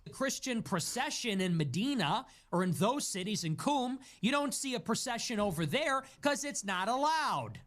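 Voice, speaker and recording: A man's voice: extremely high pitch, sing-song, moderate pace, hardly any pauses, fairly bright tone. A young man in a played clip, ranting with a sneering, mocking manner. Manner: sneering, mocking voices in quotes. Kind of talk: political rant.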